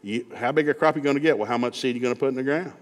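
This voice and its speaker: A man from East Tennessee with a Southern accent, preaching a sermon in a folksy, animated storytelling way, acting out Bible characters with shouted lines. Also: mid-range voice, racing. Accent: Southern American. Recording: long hall reverb.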